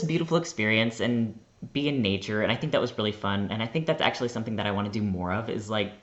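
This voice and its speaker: A man's voice: lowish voice, fast, a bit bright, highs cut off. A young American man telling a rambling, chatty story to his vlog audience. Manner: chatty, rambling, heavy use of "like". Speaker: vlogger.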